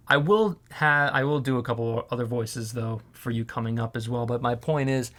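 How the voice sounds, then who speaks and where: A man's voice: mid-range voice, fairly bright tone. Guy with a tired, strained voice, rambly casual vlog chat, lots of ums. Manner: rambling, with many fillers and restarts. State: voice strained and worn out. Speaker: voiceover artist.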